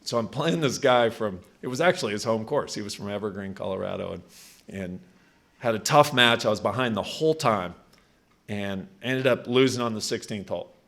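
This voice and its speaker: At a country club event room, a man in his sixties accepts a hall of fame honor with personal anecdotes. His voice is on the low side but fairly bright, at a normal pace, and he talks conversationally with frequent restarts.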